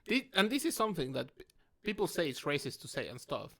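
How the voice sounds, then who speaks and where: A man's voice: on the high side, very animated, fast talker, fairly bright tone. A man from Mexico chatting casually on a podcast, calling his friend "mate" and restarting his sentences often. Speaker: podcast co-host. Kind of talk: casual chat over drinks.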